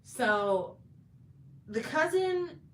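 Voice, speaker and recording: A woman's voice: sits high, very animated, extremely slow, fairly bright tone. A woman retelling a drama's plot in a chatty, casual way, with fillers and restarts. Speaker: drama recap host. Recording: roomy echo, distant from mic, faint background noise.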